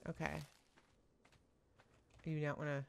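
A woman giving excitable gameplay commentary, narrating her own moves aloud to her viewers. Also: sits low, unhurried, creaky, a little hiss or hum. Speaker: gaming video creator.

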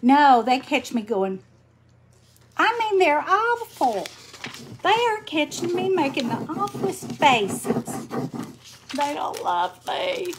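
Drawling, unhurried older woman. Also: high voice, sing-song, noisy background. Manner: folksy, chatty, greets viewers by name. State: tired. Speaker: livestream host. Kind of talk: casual livestream chat while crafting.

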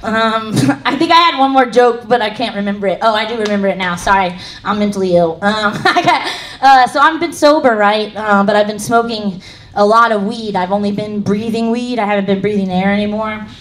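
A woman's voice: mid-range voice, brisk, fairly bright tone, a little hiss or hum. A woman doing a live stand-up set on a comedy club stage, rambling and self-mocking, laughing at her own jokes. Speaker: stand-up comic.

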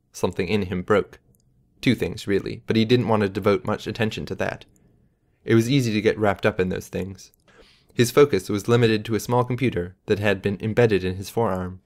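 A man reading an audiobook in measured, even scripted narration. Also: fairly low pitch.

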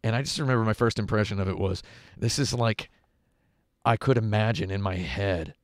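A man's voice: on the low side, a little fast, no echo, studio quality. A man chatting casually on a game livestream, telling rambling, digressive stories into a headset at home. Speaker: streamer. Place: home room with carpet.

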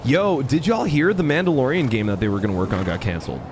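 A man's voice: medium pitch, lively intonation, fast, background noise. Chatty young man streaming a game. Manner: chatty, thanks viewers by name, laughs often. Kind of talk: casual live-stream chat.

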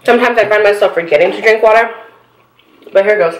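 Young female mukbang host, bubbly and loud, recorded in an echoey room. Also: mid-range voice, quick pace. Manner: bubbly, giggly, talks loudly. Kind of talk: casual eating-show chat.

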